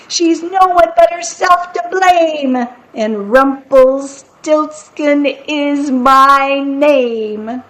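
A woman voicing a spiteful little male imp in a storybook reading, with a shrill, gloating voice. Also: a bit bright, poor audio.

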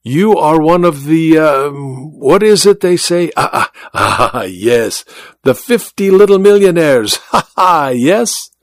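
A man's voice: a little high, expressive, takes it slowly, no room sound, pitched above the performer's own voice. A man doing a grand, sly blind magician. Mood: sly teasing. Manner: theatrical, grandiose, teasing.

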